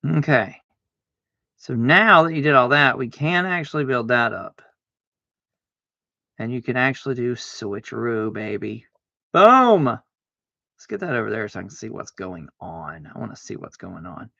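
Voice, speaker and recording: A man streaming a card game, chatting casually to himself, arguing back and forth aloud with sudden excited exclamations. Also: mid-range voice, normal speed, gravelly, no room sound, lo-fi sound. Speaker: livestreamer playing solitaire. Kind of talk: casual self-talk while gaming.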